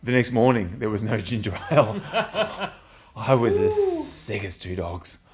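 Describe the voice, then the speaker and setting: A man's voice: medium pitch, wildly swooping pitch, a little slow, over a noisy crowd. A middle-aged man in casual chat as a drinks reviewer, rambling and swearing freely as he tells bawdy anecdotes.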